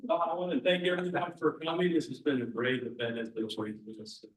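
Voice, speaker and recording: A man's voice: medium pitch, animated, fast talker. Man emceeing in an echoing hall. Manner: informal with many fillers. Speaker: club president, emcee. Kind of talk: thank-yous at an event. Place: event hall. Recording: roomy hall, distant mic.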